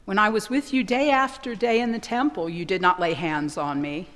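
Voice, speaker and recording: Jesus, a grave and calm man, as read by a woman. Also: medium pitch, normal speed, big-room sound, close to an everyday voice. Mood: solemn. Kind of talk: liturgical reading of a speaking part.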